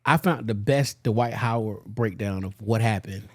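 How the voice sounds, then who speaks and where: A man's voice: lowish voice, a little slow, a little mellow, no echo, clean studio sound. A man hosting a podcast, chatting casually in a blunt, joking way. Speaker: podcast host. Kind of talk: casual chat.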